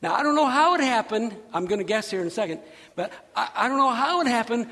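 High-voiced gravelly preacher in a hall. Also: male voice, fairly quick. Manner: animated storytelling, acting out voices and shouting. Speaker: pastor. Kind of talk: sermon. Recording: long reverb of a large hall.

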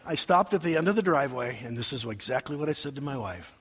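A man preaching a sermon as pastor, telling a personal story with emotion, his voice going from soft asides to loud cries. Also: mid-range voice, expressive, quick pace. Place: large church sanctuary. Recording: long hall reverb.

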